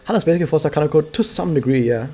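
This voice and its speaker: A man's voice: fairly high pitch, rapid-fire, mellow, husky. A man from Germany, a native German speaker, chatting casually and rambling a bit while he streams a game. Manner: chatty, rambling, self-correcting. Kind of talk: casual live-stream commentary.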